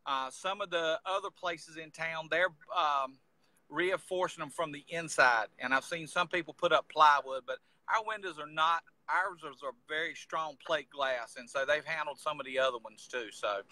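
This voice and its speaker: A man's voice: a little high, normal speed, pushed and bright, no room sound. A man with an eastern North Carolina accent, talking in a plain-spoken, matter-of-fact way during a casual chat.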